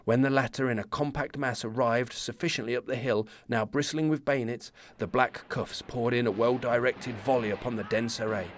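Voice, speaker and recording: A man's voice: mid-range voice, fairly even intonation, normal speed, hardly any pauses, a little hiss or hum. A man hosting a history podcast, reading scripted narration with casual asides. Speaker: podcast host.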